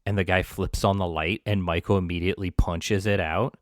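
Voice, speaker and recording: A man's voice: low voice, fairly even intonation, a little fast, no room sound, studio quality. A man in a casual movie reaction chat, laid-back and upbeat with the odd swear. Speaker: podcast co-host.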